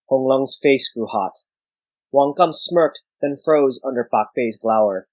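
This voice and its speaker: A man giving measured scripted narration of a story. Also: medium pitch, a little mellow, no echo, rough recording.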